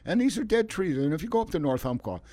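A man's voice: a little high, big pitch swings, fast, warm tone, dry recording. A man hosting a local radio garden show, chatting in a folksy, rambling way with chuckles and restarts. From Oregon. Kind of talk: casual radio talk show chat.

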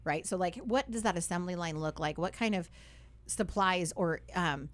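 A woman's voice: lowish voice, moderate pace. Chatty upbeat woman radio host. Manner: chatty, upbeat, says "right?" and "like" often. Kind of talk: casual radio talk.

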